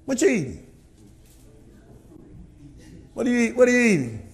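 High-voiced preaching man, shouting at times. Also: big pitch swings, moderate pace, pauses often. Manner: preaching with call-and-response, often shouting. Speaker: pastor. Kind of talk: sermon. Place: church with congregation.

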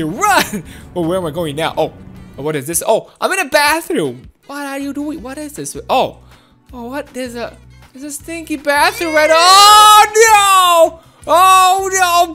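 Super high-pitched girl yelling and giggling through a game she's playing, faint music behind. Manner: excitable, giggly, talks to viewers. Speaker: gameplay commentator. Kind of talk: playful game commentary.

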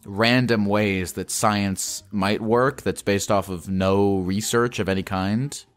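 A low-pitched young man chats with callers in a loose, rambling way, mocking himself and leaping up in pitch when something excites him. There is faint music under his voice. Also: slow pace. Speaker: podcast host taking calls. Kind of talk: casual call-in chat.

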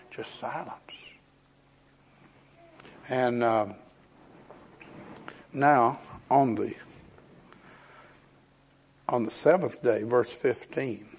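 Gravelly folksy male preacher. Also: medium pitch, animated, slow, long pauses, a little mellow, slight background noise. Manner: folksy storytelling, emphatic warnings. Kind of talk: sermon.

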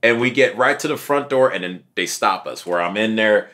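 Young guy telling his story to an interviewer, lively, acts out voices, kinda low voice. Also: moderate pace. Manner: animated, acts out quotes of others. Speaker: interview guest. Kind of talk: casual conversational storytelling.

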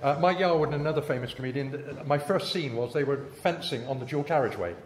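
A man's voice: fairly high pitch, quick pace, a little hiss or hum. A man, a guest actor on a convention panel, telling anecdotes in a joking way, in a large hall. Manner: jokey, anecdotal storytelling. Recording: echoey hall.

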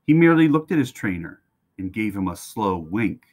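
Low-voiced man reading a storybook aloud. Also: normal speed. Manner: expressive, animated reading. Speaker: reader. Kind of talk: reading a children's book aloud.

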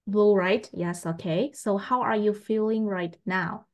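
A woman English teacher, patiently testing a young pupil and repeating her questions slowly. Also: medium pitch, steady tone, darkish tone, lo-fi sound. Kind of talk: online English test with a child.

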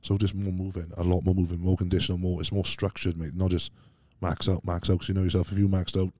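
A very low-pitched man talks quickly in a casual interview, with a dark, mellow tone. He rambles through lively stories and keeps calling the host "mate." His voice is recorded close and dry. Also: no room sound. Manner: rambling, animated storytelling peppered with "mate". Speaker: podcast guest, strongman athlete.

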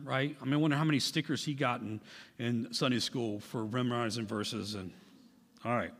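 Emphatic pastor in a reverberant hall. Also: male voice, medium pitch, steady tone, moderate pace, fairly bright tone. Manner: emphatic and conversational, with repetitions. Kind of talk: sermon. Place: church hall. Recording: long church hall reverb.

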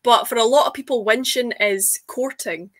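A young woman with a Scottish accent, eagerly explaining the meaning of words in casual chat. Her voice is bright and clear, and it sounds close and dry, as if heard over a video call. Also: a little high, normal speed, no echo. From Scotland. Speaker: guest.

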